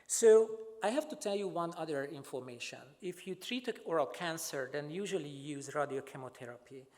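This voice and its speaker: Halting man lecturing in a reverberant hall. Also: on the high side, expressive, darkish tone. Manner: halting, many filler sounds and restarts. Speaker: microbiology researcher giving a lecture. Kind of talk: academic talk with slides.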